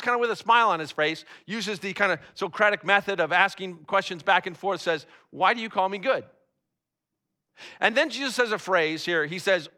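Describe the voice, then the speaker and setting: A man's voice: sits high, bright, forceful tone. A man preaching a conversational sermon to a congregation in a church, often repeating words as he talks. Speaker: pastor.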